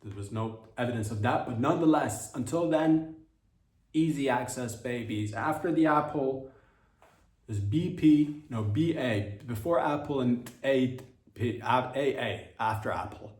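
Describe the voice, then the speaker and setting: A man delivering a rambling, irreverent comedic monologue as a podcast host, dropping into quick voices for quotes. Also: medium pitch, a little mellow, echoey room.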